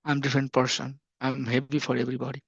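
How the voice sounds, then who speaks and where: Middle-aged male teacher, earnest, gravelly, dull dry lo-fi recording. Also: medium pitch, completely flat delivery, fast, no echo. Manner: earnest, repeats phrases, chuckles. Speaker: spiritual teacher. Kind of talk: devotional class lecture.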